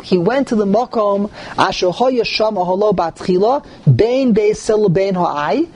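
Animated high-voiced man teaching Torah. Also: husky. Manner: animated, rising emphasis, mixes Hebrew terms. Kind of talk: lively Torah class with questions.

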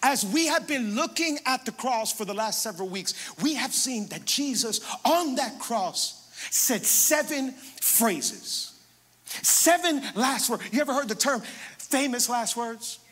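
A man pastor preaching a sermon, emphatic, moving between hushed passages and loud, rising declarations. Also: extremely high pitch, expressive, a little slow, in a large hall.

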